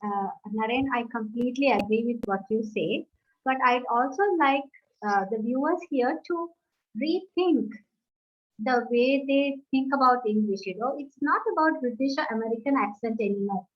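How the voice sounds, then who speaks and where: A woman's voice: fairly high pitch, normal speed. A woman co-hosting a webinar on English, giving emphatic coaching advice with "right?" tags. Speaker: webinar co-host, English trainer. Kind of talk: casual educational talk. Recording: dull lo-fi audio.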